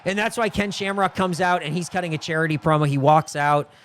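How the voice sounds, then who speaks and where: A young man casually chatting and narrating a wrestling game with friends, animated and swearing freely. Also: a little high, fairly quick. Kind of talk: casual chat, play-by-play of a game.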